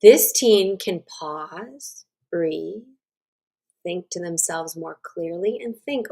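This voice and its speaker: A woman teaching self-regulation and guiding a slow breathing exercise, with a gentle, instructive manner. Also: lowish voice, vocal fry. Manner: gentle, instructive, checks in with "right?". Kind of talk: guided breathing lesson. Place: online summit stream.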